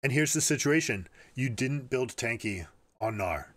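A man commentating on an esports match and giving coaching advice, energetic and repeating words as he explains. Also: medium pitch, moderate pace, dry recording. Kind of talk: game analysis with coaching advice.

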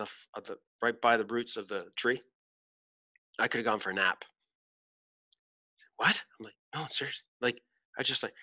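A man hosting a podcast, telling an animated story in casual chat, swearing freely and acting out voices. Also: mid-range voice. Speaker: podcast host.

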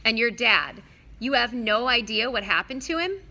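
A woman's voice: on the high side, animated, normal speed, pushed and bright, exaggerated voice. A woman voicing a skeptical young boy who asks blunt questions in a read-aloud story. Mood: curious, blunt. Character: twelve-year-old boy hero, skeptical and blunt.

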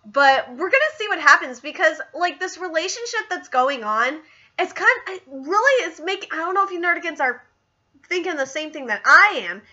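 A woman who is sick, streaming a casual live reaction and gushing excitedly as she reads along. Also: very high-pitched, a little fast, lo-fi sound. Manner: gushing, excitable, squeals over scenes.

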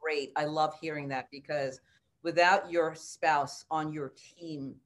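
A woman's voice: sits low, steady tone, unhurried. A woman hosting a podcast, asking questions and affirming her guest in an encouraging way. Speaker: podcast host. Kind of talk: casual interview chat.

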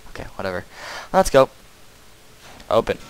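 A man giving casual let's-play commentary, muttering asides and then yelling loud bursts at the enemies he fights. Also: fairly low pitch, big pitch swings, moderate pace, clear, resonant tone, low-quality recording. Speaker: gameplay commentator. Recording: faint game noise behind.

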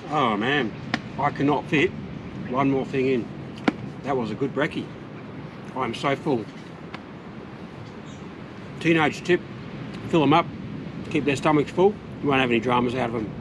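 A middle-aged Australian man, a camping vlogger, chats casually while filming his beach campsite, laid-back and full of slang. His voice sits at a medium pitch and he's unhurried, pausing often. There's noise in the background.

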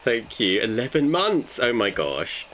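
A man's voice: medium pitch, sing-song, measured pace, fairly bright tone, a little hiss or hum. A man, chatting and joking with his viewers while playing a game. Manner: joking, bantering with chat. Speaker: streamer. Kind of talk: casual live gameplay chat.

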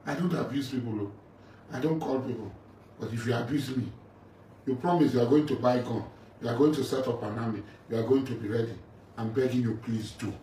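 This militant leader, middle-aged with a Nigerian English accent, rants angrily at a rival, taunting and mocking him. His medium-pitched voice is brisk yet mellow, and the roomy, distant recording carries faint ambient sound.

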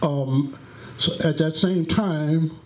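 A man introducing a lecture in a mosque hall, telling stories in a deliberate, drawn-out way and acting out the quotes. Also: a little high, a little mellow. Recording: echoey hall with faint background noise.

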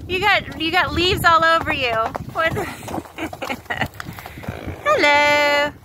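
A woman's voice: very high-pitched, normal speed. A woman running a horse rescue, chatting fondly to her horses outdoors and laughing often. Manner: doting baby-talk with frequent laughs. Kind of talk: casual talk to horses. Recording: outdoor noise, hooves and vehicles.

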